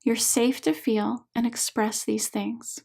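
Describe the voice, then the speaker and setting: A woman reading as a calm female hypnotherapist, guiding gently in a fairly high voice. Her pace is slow and unhurried, soothing throughout. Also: creaky, exaggerated voice. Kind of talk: audiobook character reading.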